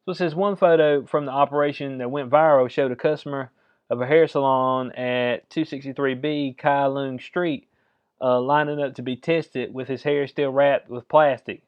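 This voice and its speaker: A man's voice: mid-range voice, fairly even intonation, normal speed, clean tone, dry recording. A man, casually reading news aloud and joking about it. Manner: laid-back, joking, reads articles aloud. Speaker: commentary vlogger. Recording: dry, dull lo-fi mic.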